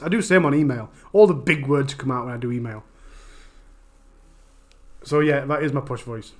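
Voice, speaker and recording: Fast-talking Yorkshire man, fairly high voice. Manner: fast-talking, broad and informal. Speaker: true crime channel host. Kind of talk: casual live-stream chat with viewers.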